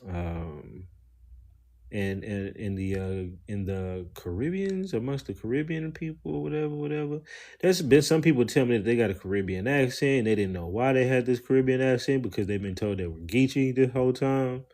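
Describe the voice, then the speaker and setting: A man's voice: mid-range voice, moderate pace, darkish tone. A man, talking casually and rambling on a live stream, swearing, using slang and greeting his viewers.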